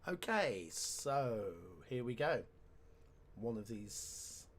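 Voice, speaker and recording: A man's voice: medium pitch, lively intonation, very slow. A man giving casual let's-play commentary, chatty and wry with sarcastic asides. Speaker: game commentator.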